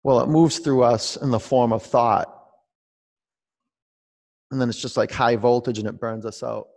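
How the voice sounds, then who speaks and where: A man guiding a yoga class at home, talking in a relaxed, conversational way and drawing out his cues. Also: medium pitch, normal speed, creaky, long reverb tail. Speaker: yoga teacher. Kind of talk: guided yoga class instruction.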